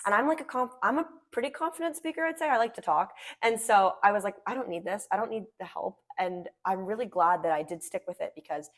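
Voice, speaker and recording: A teenage girl from Washington State, a pageant titleholder, telling stories in a chatty, animated way with lots of "like". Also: medium pitch, fast, few pauses. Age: teens. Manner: chatty, animated storytelling, frequent "like". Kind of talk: casual interview chat.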